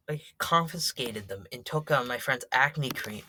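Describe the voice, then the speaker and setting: A man's voice: mid-range voice, animated, a little slow, bright, forceful tone, slight background noise. A teenage boy casually telling a story as a vlogger, rambling with lots of fillers and swearing. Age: teens.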